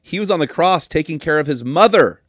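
A man's voice: on the high side, expressive, brisk, a bit bright, dry recording, studio quality. A man hosting a podcast, speaking in an earnest, preachy and emphatic way. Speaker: podcast host. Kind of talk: casual podcast conversation.

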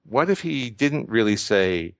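A man's voice: mid-range voice, very animated, measured pace, gravelly, no echo. An older man answering interview questions, explaining ideas at length with frequent restarts and fillers. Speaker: guest researcher.

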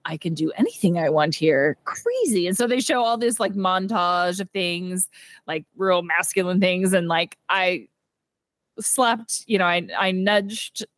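Young woman podcast co-host, animated film recap, quoted voices, dry close sound. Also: lowish voice, a little slow, dry recording. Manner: animated retelling with quoted character voices and frequent laughter. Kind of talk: casual movie recap chat.

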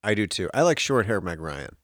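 A man's voice: on the low side, big pitch swings, fairly quick, a bit bright, no echo. A man co-hosting a casual podcast who makes dry, teasing remarks. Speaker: podcast co-host. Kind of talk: casual chat.

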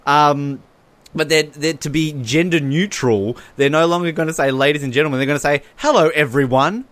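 A man's voice: on the high side, fairly even intonation, a little fast, a bit bright, no echo. A man co-hosting a casual film commentary chat, joking and laughing often as he mocks scenes. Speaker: podcast co-host.

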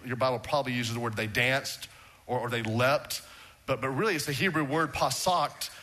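A man preaching a sermon as pastor, animated, often restarting on a repeated word. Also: on the high side.

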